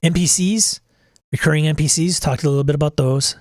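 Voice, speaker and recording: A man's voice: on the high side, steady tone, fairly quick, no room sound, clean studio sound. A middle-aged man hosting a casual livestream talk, blunt and exasperated, swearing casually as he rants. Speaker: podcast host.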